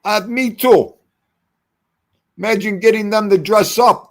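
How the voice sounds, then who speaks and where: A man's voice: high-pitched, expressive, a little slow. A man hosting a casual livestream, joking and ranting in mock exasperation, swearing freely as he reads the chat. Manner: loud, joking banter with swearing. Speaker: livestream host.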